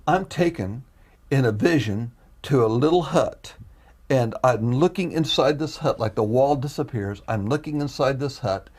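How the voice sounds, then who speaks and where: A guest gives an earnest, emotional personal testimony in a slightly rough voice, and at moments his account swells into loud, high-pitched pleading.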